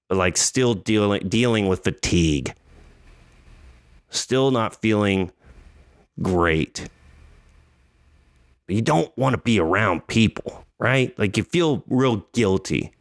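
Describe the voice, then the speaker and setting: A man's voice: on the low side, creaky, dry recording, clean studio sound. A man in his thirties hosting a podcast, telling a story in a casual, jokey way and acting out his own thoughts in an exaggerated voice. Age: 30s. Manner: animated, jokey, exaggerated retelling with quoted inner voices. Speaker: podcast host.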